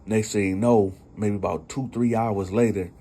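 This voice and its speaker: A man's voice: on the low side, steady tone, moderate pace, mellow, a little hiss or hum. A man telling a story in a loose, conversational way, often repeating "you know.". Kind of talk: casual spoken storytelling.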